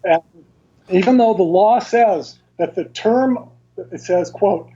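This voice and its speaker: A man as an interview guest, explaining things carefully and in detail, with halting restarts, over dull lo-fi remote audio. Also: sits high, dark tone.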